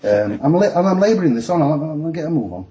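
Excitable Yorkshire man with a mellow voice. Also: fairly high pitch, dull audio. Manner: rushed, excitable, talks fast with many restarts. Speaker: guest. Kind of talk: casual storytelling on a live stream.

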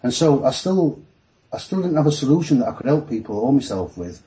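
A man with a Yorkshire accent, a guest telling stories in a casual live-stream chat, excitable and rushing, with frequent restarts. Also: mid-range voice, rough recording. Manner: rushed, excitable, talks fast with many restarts.

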